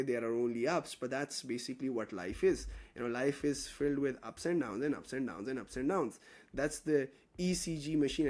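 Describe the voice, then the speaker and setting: A young chemistry tutor teaches an online class in a casual, joking style, reading out questions from the chat and answering them. His voice is mid-range with a darkish tone.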